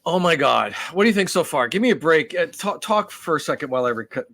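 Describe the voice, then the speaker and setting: A man co-hosting a podcast, telling a long casual story in an animated, profane, rambling way with many restarts. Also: fairly high pitch, quick pace, creaky. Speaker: podcast co-host.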